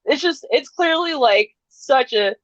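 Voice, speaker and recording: A woman's voice: high voice, animated, measured pace, fairly bright tone, dry recording. Woman, casual co-host, rambling "like"s, muffled lo-fi sound. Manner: chatty, many "like"s and "right?"s. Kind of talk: casual chat.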